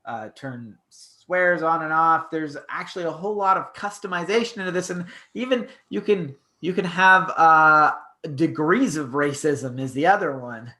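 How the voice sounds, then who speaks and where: A Canadian man co-hosts a loose late-night stream. His voice sits a little high and sounds bright and forward. He rambles, trailing into fillers and starting sentences over. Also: normal speed. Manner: rambling, many fillers and restarts. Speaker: podcast co-host.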